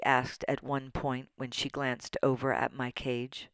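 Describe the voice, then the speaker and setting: A woman narrating a children's storybook in an animated, playful way. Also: extremely low pitch, a little slow, few pauses, no echo, studio quality. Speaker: audiobook narrator.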